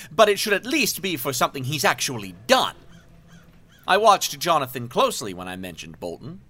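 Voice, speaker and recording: A man's voice: mid-range voice, pushed and bright. An actor playing a pompous, self-serving male villain who talks in florid, mannered speech and laughs theatrically in an audio drama. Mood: scheming.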